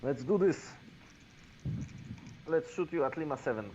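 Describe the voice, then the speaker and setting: A man's voice: a little high, animated, a little slow, a little mellow. A man playing a wargame on a stream, thinking aloud hesitantly with lots of fillers. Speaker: wargame player and co-host. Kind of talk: casual chat during a game. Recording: dull stream audio with clear hiss.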